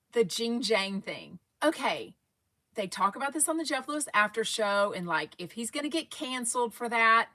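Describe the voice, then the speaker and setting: Bright-voiced chatty Texan woman. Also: fairly high pitch. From Texas. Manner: chatty, rambling, reads live comments aloud. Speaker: fan podcast host. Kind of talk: casual livestream chat.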